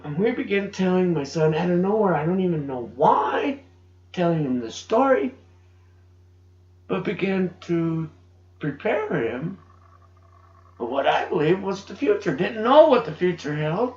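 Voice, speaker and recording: A middle-aged man giving an emotional personal testimony, halting and restarting as he speaks. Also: fairly high pitch. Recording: dull roomy home recording.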